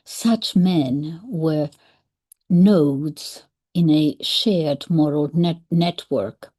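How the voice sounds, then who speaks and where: Slow, mellow-voiced woman commentator. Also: sits low. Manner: measured and analytical, with occasional soft whispered asides. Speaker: commentator on historical texts. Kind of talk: reflective commentary.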